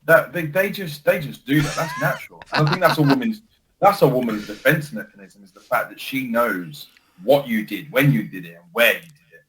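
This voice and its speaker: Bright-voiced man, casual podcast chat. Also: mid-range voice, brisk, slight background noise, low-quality recording. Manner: animated storytelling with laughter. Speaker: podcast co-host.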